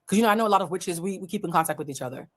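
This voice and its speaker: Animated, profane woman telling a story. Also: very fast. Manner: animated, blunt and profane, acts out dialogue with big pitch jumps. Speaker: host of a livestream, emotional intelligence coach. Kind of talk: casual storytelling to a live audience.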